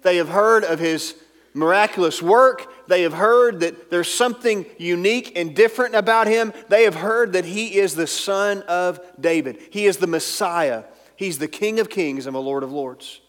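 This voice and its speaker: A pastor preaching a sermon, emphatic and at times dropping to a soft, intimate tone. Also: male voice, high voice, normal speed. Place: church sanctuary. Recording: long hall reverb.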